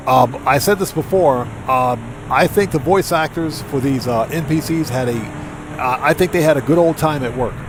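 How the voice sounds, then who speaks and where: A man's voice: fairly high pitch, normal speed, noisy background. Chatty male game streamer. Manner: chatty, greets subscribers and reads chat aloud. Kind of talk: live gameplay commentary.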